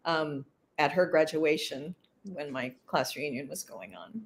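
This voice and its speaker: A woman's voice: deep voice, unhurried. A woman in her sixties from California, an actress being interviewed, chatting and laughing easily while reminiscing. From California, USA. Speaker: actress guest. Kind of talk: casual interview conversation.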